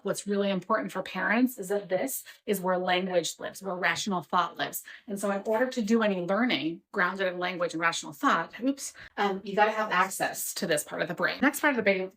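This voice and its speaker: Woman parenting coach explaining stuff to camera, animated, mid pitch. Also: low-quality recording. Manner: animated, addresses the viewer as "dear parent". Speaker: parenting educator.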